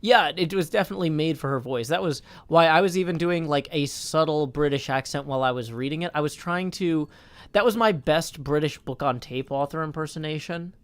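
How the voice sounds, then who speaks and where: A man's voice: a little high, fairly quick, clear, resonant tone, no echo. A tired man chatting casually on a live stream, rambling and correcting himself as he reads out chat. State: tired from little sleep.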